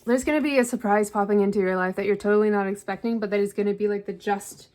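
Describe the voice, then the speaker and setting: A woman's voice: medium pitch, fairly even intonation, fast talker, a little mellow. Woman, tarot reader, casual and reassuring, talks with many "like"s, slightly out of breath. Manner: chatty, reassuring, with filler "like". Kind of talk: casual spiritual tarot reading.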